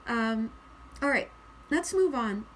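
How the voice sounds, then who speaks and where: Woman tarot reader, chatty and giggly, slightly high voice, light room hiss. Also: animated, slow pace. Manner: bubbly, giggly, chatty, acts out sighing voices. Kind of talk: casual tarot reading video.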